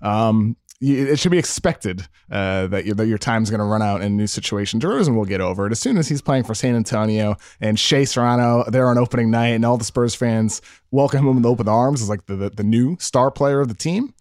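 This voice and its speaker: A man guest in a sports chat, measured, citing reports with some hesitations. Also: medium pitch, darkish tone, no room sound, clean studio sound. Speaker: podcast guest.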